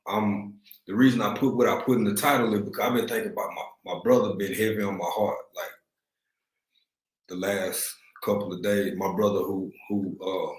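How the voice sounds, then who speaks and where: Laid-back East Texas man in an echoey room. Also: sits low. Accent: Texan. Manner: laid-back, greets chat viewers, slangy. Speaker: livestream host. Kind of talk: casual livestream chat. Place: room at home, in Africa.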